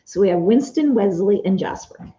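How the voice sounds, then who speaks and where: A woman's voice: mid-range voice, lively intonation, moderate pace, mellow, dull audio. A woman chatting casually on a live stream while she sews at home, answering viewers' comments by name. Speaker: Etsy shop owner live-streaming while sewing.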